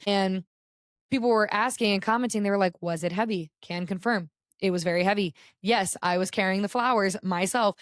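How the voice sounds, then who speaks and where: A woman's voice: fairly low pitch, smooth, no room sound, clean studio sound. A young American woman co-hosting a podcast, chatting casually with lots of filler words. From United States. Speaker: podcast co-host. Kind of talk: casual chat.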